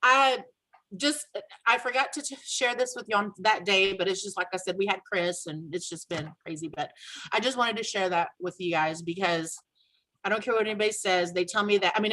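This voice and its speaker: A woman casually telling a personal story on a video call, animated and acting out the dialogue she quotes. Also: mid-range voice, poor audio. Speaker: guest sharing a testimonial.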